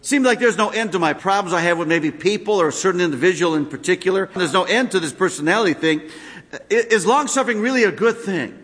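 A man preaching a sermon as pastor, animated, with sudden drops into quiet, personal asides. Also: high-pitched, fast talker. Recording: long hall reverb.

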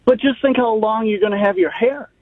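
A man's voice: high voice, brisk, dry recording. A man calling into a radio talk show, chatty and wry, heard over a phone line. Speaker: caller. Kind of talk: call-in radio chat.

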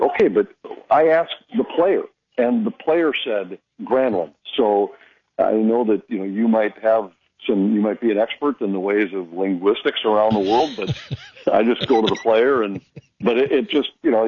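Man, husky voice, hockey announcer, chatty storytelling, dull dry radio sound. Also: lowish voice, normal speed, no room sound. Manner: storytelling, animated quoting of others. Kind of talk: casual radio chat.

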